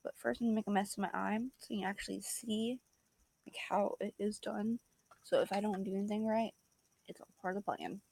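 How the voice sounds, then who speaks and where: Chatty self-mocking young woman, gravelly edge. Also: medium pitch, fast. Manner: chatty, self-mocking, drifting into soft asides. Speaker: makeup vlogger. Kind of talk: casual makeup tutorial.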